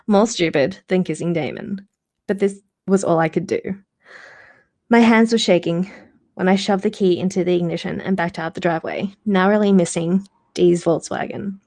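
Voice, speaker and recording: A woman's voice: fairly low pitch, creaky, a little mellow. A woman reading a novel aloud casually on a live stream, correcting her slips and adding short asides. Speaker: reader of novels.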